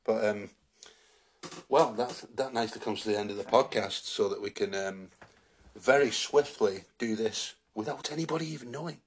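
A man's voice: fairly low pitch, moderate pace, a little hiss or hum. A man, co-hosting a casual podcast chat and rambling with lots of fillers. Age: 40s. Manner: rambling, with many fillers and restarts. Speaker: podcast co-host.

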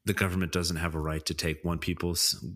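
Deep-voiced man leading a podcast chat. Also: slightly rough. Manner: steady, deliberate, leads the discussion. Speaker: podcast co-host. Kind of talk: casual chat, explaining political topics.

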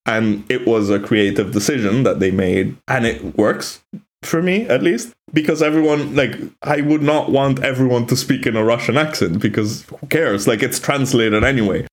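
A man's voice: medium pitch, moderate pace. A man from Italy with an Italian accent, a native Italian speaker co-hosting a podcast in casual, opinionated chat. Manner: chatty, opinionated, frequent "like" fillers. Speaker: podcast co-host.

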